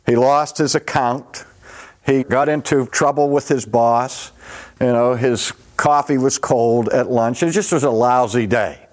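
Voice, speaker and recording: A man giving a teaching lecture, speaking deliberately and posing rhetorical questions to his listeners. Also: medium pitch.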